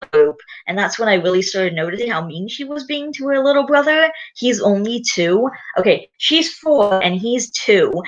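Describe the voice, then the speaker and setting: A woman's voice: fairly low pitch, dull audio. A young woman chatting casually with a strong opinion, with fillers and restarts. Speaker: channel host reading episodes aloud. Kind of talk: casual reading and commentary.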